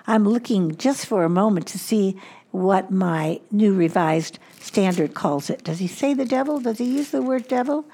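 Woman preaching with hushed emphasis. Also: medium pitch, expressive. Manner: slows down for emphasis, drops to a hushed voice on key points. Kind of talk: sermon.

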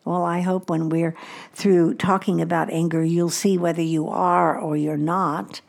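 A woman Bible teacher giving a broadcast lesson from a studio, expressive, moving between emphatic exclamations and soft, hushed asides. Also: fairly low pitch, unhurried, gravelly.

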